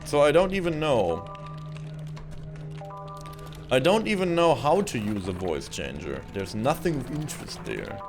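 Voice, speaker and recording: A man's voice: medium pitch, unhurried, pauses often, music in the background. A man giving casual live-stream gaming commentary, rambling with lots of fillers. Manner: rambling, filler-heavy, animated.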